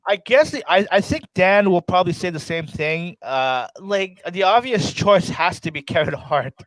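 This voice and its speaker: A man's voice: high-pitched, animated, normal speed, fairly bright tone, dry recording, rough recording. A man co-hosting a movie podcast, talking casually and rambling with lots of fillers. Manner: rambling, many fillers like "like" and "you know". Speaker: podcast co-host. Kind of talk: casual chat.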